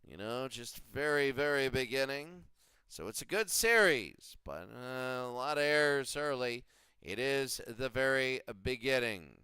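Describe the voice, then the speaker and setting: A man's voice: medium pitch, expressive, measured pace, sharp tone, smooth, no echo. A man doing casual play-by-play and recaps of a simulated baseball league, rambling and repeating himself as he goes. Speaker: video game commentator.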